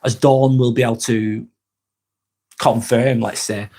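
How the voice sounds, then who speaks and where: A man's voice: medium pitch, flat delivery, unhurried, warm tone. A man in his forties from near Manchester, with a Lancashire accent, hosting a casual live vlog and answering viewers by name. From Northwest England. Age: 40s. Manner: reads viewer comments aloud and answers each by name, friendly and reflective. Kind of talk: casual live-stream chat.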